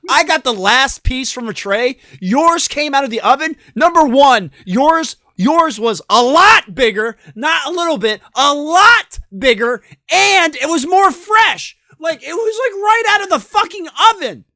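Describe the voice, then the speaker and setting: A man's voice: very high-pitched, expressive, measured pace, hardly any pauses, sharp tone, no echo, studio quality. A young man co-hosting a podcast, cutting into the story to correct details in a casual, profane way. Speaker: podcast co-host.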